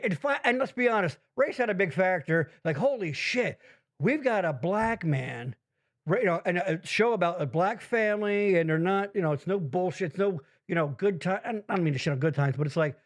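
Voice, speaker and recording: A middle-aged man hosting a podcast, talking in loud, profane, teasing banter. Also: lively intonation, a little fast. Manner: loud, swearing, teasing, jumps into high mock voices. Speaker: podcast host.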